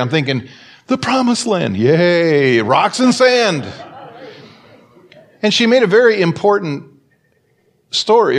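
A pastor preaches a sermon built around a story, acting out the quoted voices with big swings in pitch.

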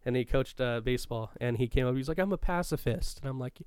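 A man's voice: mid-range voice, flat delivery, fast, a little mellow, smooth, no room sound, studio quality. A man in casual chat, recalling school days with a rambling, profane manner and frequent laughs. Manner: stops to look things up mid-talk. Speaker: co-host reminiscing about school days.

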